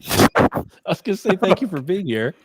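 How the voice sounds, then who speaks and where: A man's voice: high voice, sing-song, moderate pace, background noise. A man hosting a casual talk show over a video call, easygoing and trailing off with fillers and chuckles. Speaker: show host.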